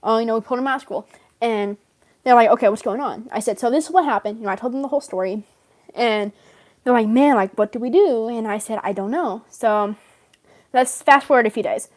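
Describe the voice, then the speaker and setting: A woman tells a long, rambling story while staying in character. Her voice sits a little high, and she leans on "like" constantly. She laughs often as she goes. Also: fairly quick. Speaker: fan role-player in character.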